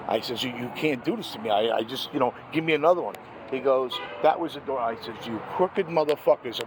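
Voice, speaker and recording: An older man, ranting angrily in a monologue and clearing his throat often. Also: mid-range voice, fairly quick, over music, poor audio. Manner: angry, rambling, repeats "what happens is this". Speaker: vlogger. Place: outdoors by a street. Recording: outdoor street noise.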